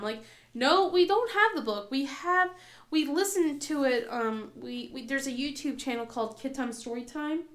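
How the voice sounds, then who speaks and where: A woman's voice: on the high side, fairly bright tone. A woman in her thirties chatting casually as a crafting channel host, rambling through a story with many fillers and a cough now and then. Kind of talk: casual chat. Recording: echoey room.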